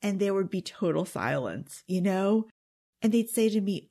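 An earnest woman speaks in an intimate, confiding way, as if talking straight to a friend. Her voice sits at an ordinary middle pitch, and now and then it drops into a soft whisper. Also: animated, normal speed. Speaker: self-help speaker. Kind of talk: confiding direct-to-camera talk.

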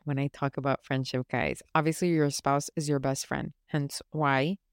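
A woman's voice: extremely low pitch, steady tone, moderate pace, smooth, dry recording, studio quality. A young woman hosting a podcast, talking casually and from the heart, rambling with lots of "like" and restarts. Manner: rambling, heartfelt, many fillers. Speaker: podcast host. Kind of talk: casual solo chat.

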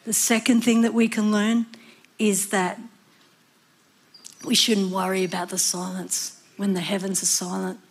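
A woman preaching a sermon, earnest and expressive, sometimes acting out the voices of people in her story. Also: mid-range voice, a little slow, long pauses, slightly rough. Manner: expressive, acts out voices and cries.

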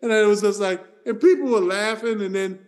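A middle-aged man with a fairly high voice, co-hosting a podcast. He tells stories in a loose, animated way, laughs between lines and slips into voices for the people in them. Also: a little fast. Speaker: podcast co-host. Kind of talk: casual storytelling chat.

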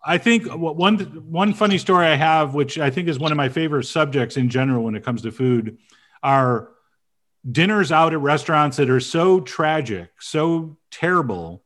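A man's voice: a little high, expressive, moderate pace, fairly bright tone. A middle-aged man, a chef co-hosting a podcast, telling a long anecdote in casual chat with lots of fillers and restarts.

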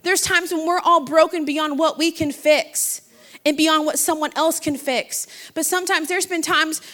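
A middle-aged woman delivers a sermon in a high, bright voice. She preaches with passion and keeps it conversational, often calling out to the congregation. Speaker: pastor's wife preaching.

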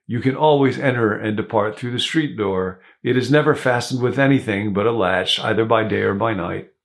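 A gentle, generous old bishop with a slightly raised voice over a gravelly edge, as a preacher reads him aloud. He speaks slowly and solemnly, like a storybook elder. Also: fairly low pitch.

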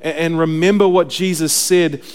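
A man's voice: on the high side, fairly even intonation, moderate pace, clean tone. A young adult male pastor preaching a sermon, telling stories casually and then building to emphatic preaching. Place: church sanctuary. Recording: long reverb of a church hall.

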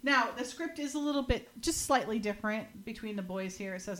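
Her voice sits on the high side, a little bright, with lively intonation and a fairly quick delivery. Chatting casually on her podcast, she walks through a TV episode scene by scene, lightly acting out characters' lines and laughing frequently.

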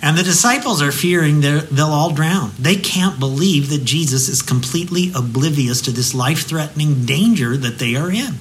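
A man giving a devotional sermon as a pastor, telling the story vividly and slowing into a hushed prayer. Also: a little high, expressive, a little hiss or hum, poor audio.

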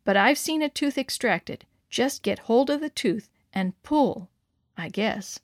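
A woman's voice: fairly high pitch, expressive, takes it slowly, no echo, clean studio sound. Woman reading as a flustered nurse wife. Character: flustered nurse wife, unsure but practical.

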